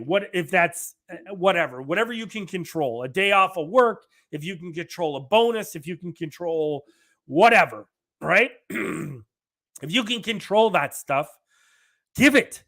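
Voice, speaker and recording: A middle-aged man hosting a podcast, delivering an energetic solo rant, emphatic and often asking "right?" while acting out quoted dialogue. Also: sits high. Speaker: podcast host.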